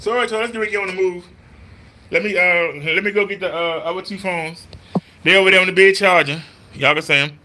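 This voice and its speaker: A man speaks in a bright, high voice, lecturing his live-stream viewers. His talk is preachy and repetitive. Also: a little fast, slight background noise. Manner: mimics voices in quotes. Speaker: vlogger.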